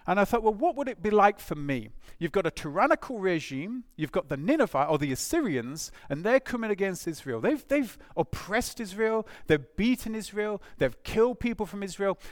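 A man preaching a sermon, animated and emphatic, with rhetorical questions and restarts. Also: high-pitched, moderate pace, few pauses, no room sound, clean studio sound.

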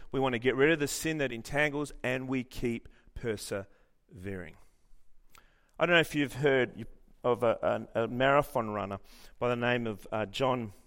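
A man preaching a sermon in church, telling stories in an animated way, joking and often restarting his sentences. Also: mid-range voice. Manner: animated storytelling with jokes and frequent restarts. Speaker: pastor.

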